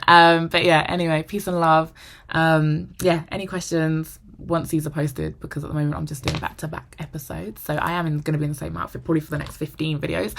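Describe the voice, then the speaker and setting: Young woman, low husky vlogger voice, pleading advice to camera. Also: flat delivery, quick pace. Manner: earnest, pleading, keeps asking "right?". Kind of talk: heartfelt advice talk to camera.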